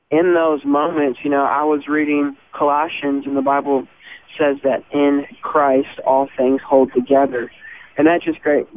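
A man from a band giving earnest, reflective answers in a faith interview, slowing down to stress key words. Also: on the high side. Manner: earnest, reflective, slows for emphasis. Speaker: band member guest. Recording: tinny phone-line sound with faint noise.

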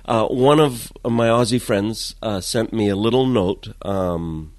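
A man, a guest in an interview, telling comic stories in an animated way, going from loud to hushed. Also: on the low side, takes it slowly, no room sound. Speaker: guest, comedic storyteller. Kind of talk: casual interview chat.

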